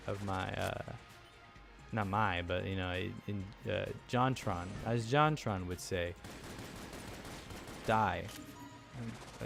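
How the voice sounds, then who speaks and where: A man's voice: fairly low pitch, vocal fry. A man giving casual let's-play commentary, rambling with lots of ums and flustered chatter. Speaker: gameplay commentator.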